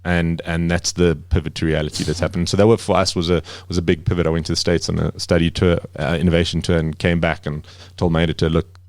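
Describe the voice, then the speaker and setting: A man's voice: deep voice, level tone, fast, hardly any pauses, no echo, clean studio sound. A man who runs a media company, talking as a guest in a casual interview, rambling with many fillers and restarts.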